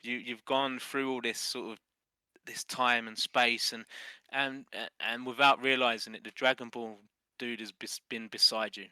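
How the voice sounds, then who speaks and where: A man's voice: medium pitch, level tone, moderate pace, sharp tone, smooth, dry recording. A man with an English accent running a tabletop game as dungeon master, stammering through restarts and chuckling as he narrates.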